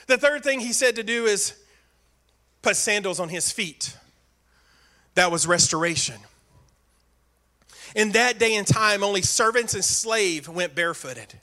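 Earnest and emphatic, this man delivers a sermon as a pastor, repeating key phrases. He speaks in a high register that sounds bright and forceful.

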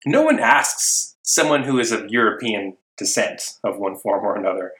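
A man hosting a podcast, talking in an expressive, wry way and acting out the quotes he relates. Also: fairly low pitch, moderate pace. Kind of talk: casual conversation. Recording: roomy echo.

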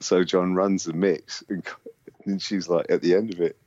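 A very deep-voiced man tells a loose, sweary anecdote and laughs as he goes. The recording is dry and close, with a dull, lo-fi tone. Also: level tone, moderate pace, a little mellow, no room sound. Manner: swears freely, laughs often, acts out others' voices in high tones. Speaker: musician guest. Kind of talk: casual storytelling. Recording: dull lo-fi sound.

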